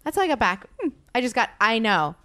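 Animated young woman telling a story. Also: high voice, rapid-fire. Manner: animated, swearing, slips into excited quoted voices. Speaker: podcast host. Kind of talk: casual storytelling chat.

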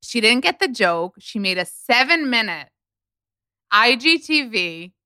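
A woman's voice: fairly high pitch, sing-song, measured pace, sharp tone, smooth, no echo. A woman hosting a podcast, chatting casually and animatedly, telling stories with quoted asides. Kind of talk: casual gossip chat.

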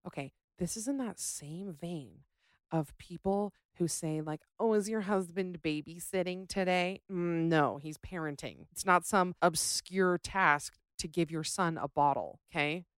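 A woman's voice: low voice, unhurried, dry recording, studio quality. A young adult woman hosting a podcast, chatting casually and ranting with sass about listener stories. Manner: sassy, animated, ranting. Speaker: podcast host.

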